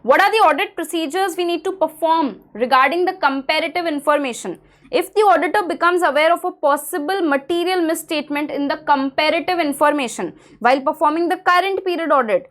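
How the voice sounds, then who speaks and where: A woman's voice: sits high, fairly bright tone. A young Indian woman with an Indian English accent giving an exam-prep audit lecture, switching between English and Hindi as she explains. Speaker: audit teacher.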